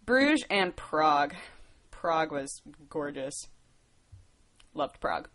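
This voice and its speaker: A woman's voice: low voice, big pitch swings, takes it slowly, a bit bright. A woman in her twenties from the United States, chatting casually on a livestream, rambling and laughing as she answers viewer questions. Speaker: livestream host.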